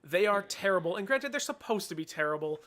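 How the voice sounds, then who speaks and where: Young adult male co-host, high pitched voice, loose chatty delivery with swearing. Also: animated, fast, a bit bright. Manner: casual, swears freely, laughs often. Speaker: podcast co-host. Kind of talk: casual chat.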